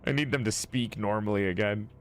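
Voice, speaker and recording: A man's voice: on the low side, brisk. A man chatting on a live stream, swearing freely, laughing often and correcting himself as he goes. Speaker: streamer and game player. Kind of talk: casual live-stream chat. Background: faint game soundtrack music.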